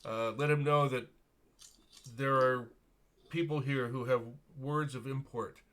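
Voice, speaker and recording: A man's voice: mid-range voice, steady tone, unhurried, a bit bright, close to an everyday voice. A man voicing a courteous, wry guard captain in a breastplate who speaks in a formal, old-fashioned way.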